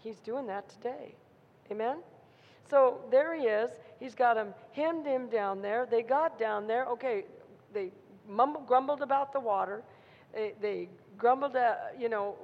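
A woman preaching a sermon, telling a story in an animated way and acting out the voices of a frightened crowd. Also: sits high, measured pace. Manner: animated, acts out crowd voices with rising intensity. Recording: muffled sound in a reverberant hall.

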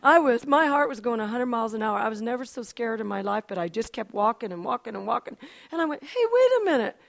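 An older woman telling an emotional personal testimony, animated, with frequent restarts and a voice that climbs and drops. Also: on the high side, fast talker, creaky. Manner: animated storyteller, voice rises and falls, frequent restarts. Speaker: speaker giving a testimony.

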